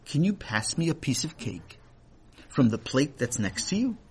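A man's voice: medium pitch, big pitch swings, moderate pace, a little mellow, slight background noise, natural voice. A man voicing a polite, persistent young male Torah scholar in a children's story, with a coaxing, questioning manner.

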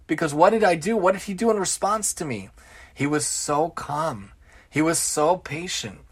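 A man teaches a casual Torah lesson as host of his own show. His voice sits a bit high for a man. He stresses his points by stacking one phrase on another. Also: moderate pace, husky. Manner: repetitive, emphatic lists.

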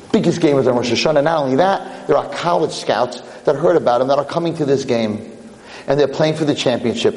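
A man lecturing in an animated, repetitive storytelling sermon. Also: medium pitch. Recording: long hall reverb.

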